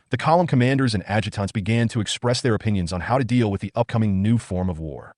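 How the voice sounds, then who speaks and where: A man narrating a manga recap in a brisk, steady storytelling read. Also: on the low side, no echo, studio quality.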